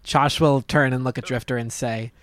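A man taking part in a tabletop role-playing game, talking in an amused, deliberate way. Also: mid-range voice, steady tone. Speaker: player.

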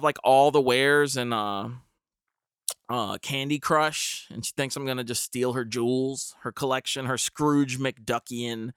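A man's voice: medium pitch, fairly bright tone, smooth, no echo, clean studio sound. A young man telling a comic story with wry, rambling asides. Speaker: comedian. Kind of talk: storytelling comedy monologue.

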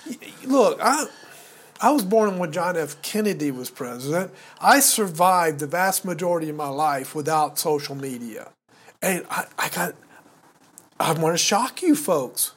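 A man's voice: fairly high pitch, animated, measured pace, slightly rough. A man in his sixties co-hosting a podcast, preaching and exhorting listeners, repeating words when he gets heated. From United States. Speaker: podcast co-host.

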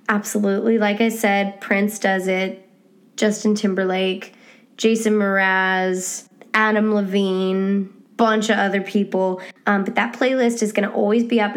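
Chatty woman teaching singing, encouraging. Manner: chatty, encouraging, demonstrates sounds with sudden high hoots. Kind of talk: casual podcast lesson.

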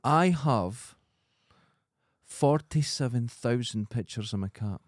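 A Scottish man with a Dundee accent, co-hosting a casual comedy podcast with easygoing chat and quick quips. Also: medium pitch, no room sound, studio quality. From Scotland. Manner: easygoing, chipping in with short quips. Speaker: podcast co-host.

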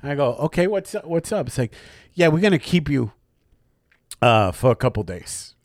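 Profane storytelling podcast host, dry sound. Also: male voice, fairly high pitch, moderate pace, no echo. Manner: profane, animated, acts out quoted voices. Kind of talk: casual storytelling chat.

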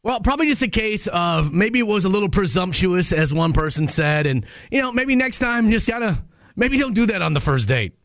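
A man's voice: sits high, sing-song, brisk, a bit bright, dry recording. A man hosting a radio morning show in a studio, chatting casually and poking fun at himself. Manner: chatty and self-deprecating. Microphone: studio microphone.

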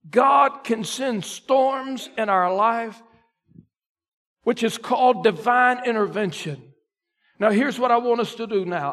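A man pastor preaching a sermon, reading scripture slowly and building to loud emphatic peaks. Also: very high-pitched. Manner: voices a questioning listener in first person.

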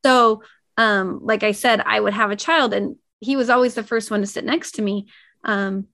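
A woman's voice: mid-range voice, fairly even intonation, normal speed, a bit bright. A woman co-hosting a podcast discussion, earnestly telling anecdotes from home life. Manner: earnest, anecdotal, often acts out little quoted exchanges. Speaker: podcast co-host. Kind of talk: casual panel discussion.

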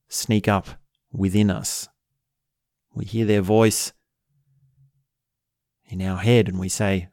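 A man giving a calm, thoughtful talk, musing aloud and asking rhetorical questions. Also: lowish voice, dry recording, studio quality. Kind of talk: reflective spoken talk.

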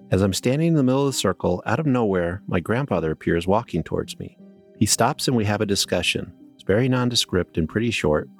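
A man with a deep, slightly mellow voice co-hosts a podcast, reading listener stories plainly and swapping dry banter. It's relaxed podcast conversation mixed with story reading.

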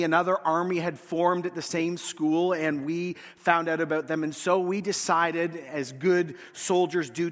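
A man preaching a sermon to his congregation, telling a story with lively energy and shouting out the quoted lines. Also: fairly high pitch. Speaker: pastor. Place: church hall, in front of a congregation. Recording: long reverb in a large hall.

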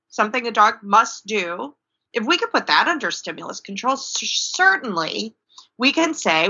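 A woman dog trainer in casual conversation, telling stories in a lively way and acting out what people said. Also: mid-range voice, dull audio. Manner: lively storyteller who acts out quotes.

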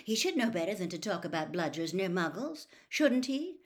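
A woman's voice: fairly low pitch, sing-song, moderate pace. A woman voicing a curious young witch girl asking a pointed question.

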